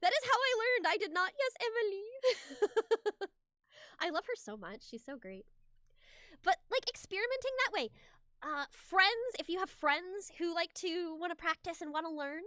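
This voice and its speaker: A woman streamer giving casual advice on voice acting, chatty and animated with many restarts and repeated words. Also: extremely high pitch, moderate pace, dry recording, studio quality. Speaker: streamer and hobbyist voice actor.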